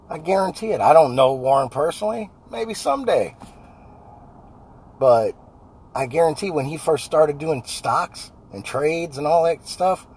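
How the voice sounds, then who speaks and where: In a fairly high but darkish, husky voice, a man who paints houses and owns a business delivers a motivational sales talk. His style is blunt and folksy, peppered with repeated "right?" and "I guarantee."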